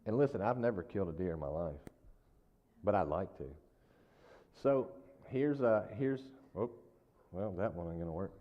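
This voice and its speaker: A man preaches in a loose, folksy storytelling way, checking in with the congregation as he goes. His voice sits on the low side. The recording is dull and lo-fi, with a long reverb from a large hall. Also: animated, moderate pace. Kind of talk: casual storytelling sermon.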